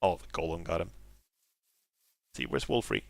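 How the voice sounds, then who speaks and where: A man's voice: low voice, moderate pace, creaky, a little hiss or hum. Guy playing a block game, giggles a lot, voice jumps all over, says sorry a bunch. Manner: giggly, apologetic, animated outbursts. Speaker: gaming streamer. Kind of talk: casual gameplay commentary.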